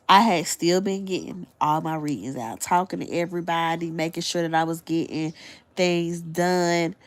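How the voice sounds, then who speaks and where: A woman on a livestream, telling an upsetting story in an exasperated way and repeating phrases for emphasis. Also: fairly low pitch. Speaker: livestream reader host. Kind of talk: emotional livestream vent.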